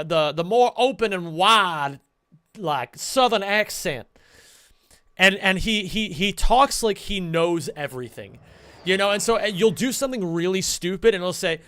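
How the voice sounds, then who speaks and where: A man streaming casually, chatting to his viewers in an excitable, rambling way and swearing a lot. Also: high voice, measured pace, smooth, no room sound. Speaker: streamer and speedrunner. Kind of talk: casual live-stream chat.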